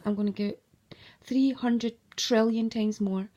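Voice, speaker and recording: A woman telling a rambling, emotional personal monologue, swearing heavily and sometimes dropping to a hushed whisper. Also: a little high, fairly even intonation, moderate pace. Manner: heavy swearing, agitated, emotional; drops into hushed whispery stretches. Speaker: mother.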